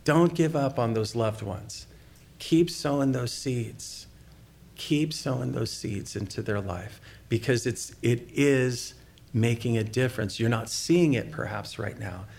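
A man's voice: medium pitch, gravelly. Conversational male pastor telling a story. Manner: conversational storytelling, asks the audience questions. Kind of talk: sermon.

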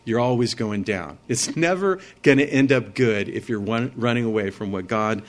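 A man preaching a sermon, talking earnestly and conversationally as he explains the passage. His voice sits at an ordinary male pitch. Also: moderate pace. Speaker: pastor.

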